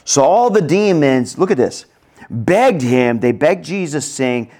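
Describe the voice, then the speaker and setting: A man's voice: a little high, animated, a little slow, a little mellow. A man preaching a sermon, reading scripture aloud and explaining it, asking the congregation questions. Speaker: pastor.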